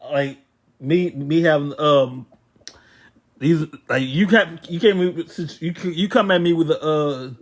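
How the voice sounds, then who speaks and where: This man talks in a slightly high voice, tripping and restarting his sentences as he chats on a podcast. He keeps turning the talk toward scripture, easygoing but preachy. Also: slow pace. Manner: stammers and restarts, repeating words. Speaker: podcast co-host. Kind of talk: casual podcast chat.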